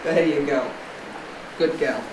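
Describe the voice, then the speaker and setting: Out in the stable yard, a woman slowly talks her young horse through training, her low voice giving short commands and praise and explaining to the camera for her vlog. The sound is distant, echoey and noisy.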